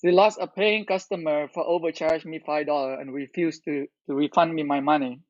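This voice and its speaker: High-voiced man ranting on a lo-fi stream. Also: steady tone, fairly quick, no echo. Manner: aggrieved, ranting complaint with repeated restarts. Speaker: gaming live streamer. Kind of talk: casual live-stream chat. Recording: dull lo-fi audio.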